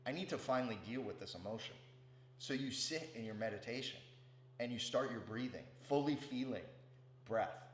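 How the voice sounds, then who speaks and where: A meditation teacher gives a casual spiritual talk laced with profanity, frequently checking in with "right?" His mid-range male voice moves at a normal speed, and the room sounds spacious with a faint hum.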